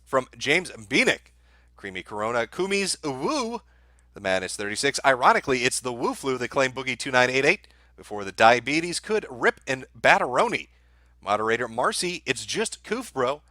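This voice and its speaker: A man's voice: medium pitch, sing-song, normal speed, pushed and bright, no room sound. A man hosting a live stream, reading out viewer messages and answering them with sardonic, profane commentary.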